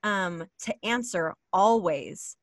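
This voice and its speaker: A woman's voice: medium pitch, takes it slowly, dry recording. A woman and mother co-hosting a casual chat, telling stories and acting out the quotes in them. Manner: animated storyteller, acts out quotes. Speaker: podcast co-host, mother of three.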